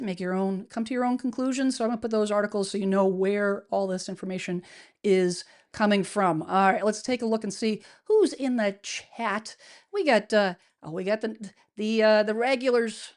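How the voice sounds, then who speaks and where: Upbeat woman livestream host, chatty, loose, full of fillers and false starts, mid-pitched. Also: steady tone, moderate pace. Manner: chatty, upbeat, many fillers and restarts, laughs often. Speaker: livestream host, real estate advisor. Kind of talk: casual livestream chat. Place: home studio, indoors.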